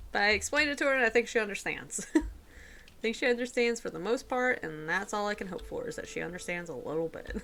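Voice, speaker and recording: A woman streaming a video game from home, chatting casually with a giggly manner and dipping into soft, whispery asides. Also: mid-range voice, expressive, moderate pace, gravelly, pauses often. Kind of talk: casual gameplay commentary.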